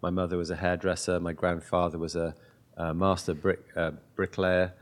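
A British man from northeast England speaks in a very low voice. He answers interview questions in a relaxed, unscripted way and often stops to search for the right word. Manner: halting, searches for words. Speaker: guest, company founder. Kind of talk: casual interview talk.

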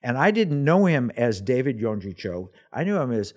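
A man hosting a faith talk show, telling a personal story in an animated way and acting out the people in it. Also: mid-range voice, moderate pace. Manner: animated storyteller, acts out quoted voices. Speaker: host. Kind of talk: casual storytelling chat.

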